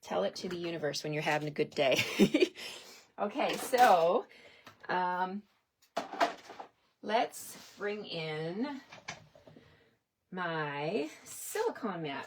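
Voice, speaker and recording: Chatty woman with a low voice. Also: animated, slow pace, long pauses, slight background noise. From Canada. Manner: chatty, talks to herself while working, laughs often. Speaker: craft demonstrator. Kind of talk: casual craft tutorial, chatting with viewers. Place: home craft desk.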